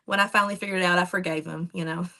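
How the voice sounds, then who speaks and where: A woman's voice: fairly low pitch, steady tone, rapid-fire, pushed and bright. Easygoing young woman, Eastern Kentucky accent. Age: young adult. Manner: easygoing, laughs often. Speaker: country singer guest. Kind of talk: casual interview chat. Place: her home office.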